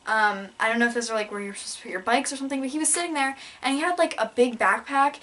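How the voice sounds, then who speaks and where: A young woman talks to her camera at home in a slightly high voice, rambling from story to story with a deadpan tone. Her casual haul chat is packed with "like" and "um", and a faint hiss sits under the recording. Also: very fast. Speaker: vlogger. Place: indoors at home in front of a backdrop.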